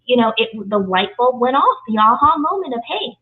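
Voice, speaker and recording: A woman's voice: on the high side, very animated, a little fast. A woman hosting a conversation, affirming her guest often and sharing her own reflections in a casual way. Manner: affirming, frequent yeses, reflective. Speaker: host. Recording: tinny phone-like line.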